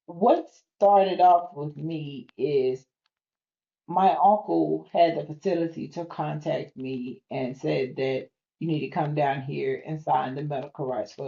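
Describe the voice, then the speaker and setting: Middle-aged woman, podcast host, earnest open monologue, mellow strained voice, slightly dull lo-fi sound. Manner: expressive, open and earnest, pitch swinging high and low. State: voice strained by lung disease, sometimes near a whisper.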